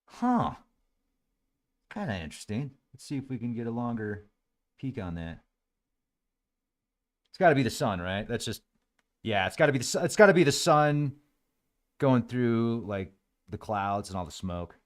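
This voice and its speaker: Man, host, casual thinking-aloud commentary, sarcastic, animated swings in pitch. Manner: musing, sarcastic, quick to laugh. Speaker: host commenting on live webcam footage.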